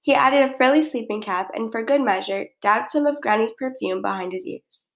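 A woman narrating a children's storybook in an expressive, measured way. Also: a little high. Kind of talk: storybook reading.

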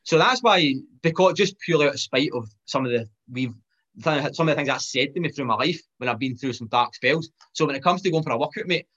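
A man, a fitness trainer, talking as a podcast guest in a fast, animated way, often restarting his sentences. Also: fairly high pitch, muffled recording. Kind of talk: casual chat.

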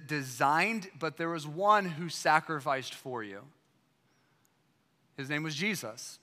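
A man's voice: on the high side, pushed and bright, big-room sound. A man preaching as pastor, emphatic and full of rhetorical questions. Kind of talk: sermon.

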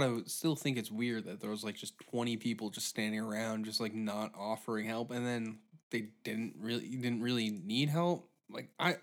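A man hosting a comedy podcast, rambling through a profane monologue with deadpan asides. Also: mid-range voice. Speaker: podcast host.

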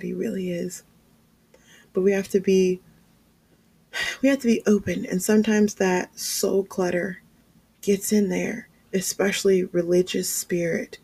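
A woman giving a sermon-style testimony, telling her story in a lively way with frequent laughs and fillers. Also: lowish voice, gravelly, slightly rough. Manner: animated storytelling, laughs often, many fillers. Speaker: speaker sharing testimony.

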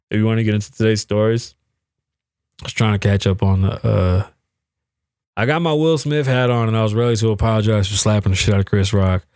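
Talking fairly quickly in a fairly low voice, a young male podcast host riffs through solo commentary, profane and animated, acting out quotes as he goes. Studio quality, no echo.

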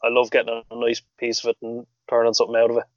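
A man's voice: medium pitch, completely flat delivery, very fast, no room sound. A man, co-hosting a podcast and rambling through workshop stories, laughing often. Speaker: podcast co-host. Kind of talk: casual chat. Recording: dull lo-fi sound, dry.

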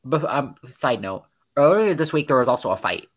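Medium in pitch and moderate in pace, a young man co-hosts a podcast, sharing indignant stories over casual chat. He's animated and puts on sarcastic voices when quoting others.

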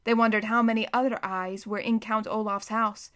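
Bright-voiced woman narrating a storybook. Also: a little high, moderate pace. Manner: expressive, acting out the characters. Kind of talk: audiobook narration.

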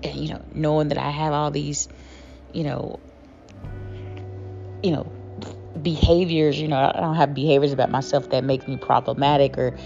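A woman co-hosting a podcast, talking through her feelings in a halting, self-affirming way with many fillers. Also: deep voice, little pitch movement, vocal fry, dark tone, highs cut off, faint music behind. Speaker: podcast co-host. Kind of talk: reflective podcast monologue.

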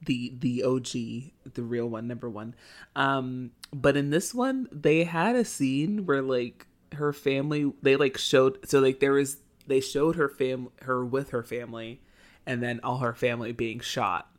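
A woman's voice: very deep voice, fairly even intonation, measured pace. A young woman co-hosting a podcast, chatting casually in a rambling way with frequent hesitations and giggles. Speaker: podcast co-host. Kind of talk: casual chat.

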